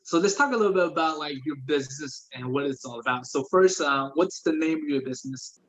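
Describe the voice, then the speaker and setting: Upbeat higher-voiced male podcast host. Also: a bit bright. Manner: upbeat, chatty, quick to laugh. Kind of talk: casual interview chat.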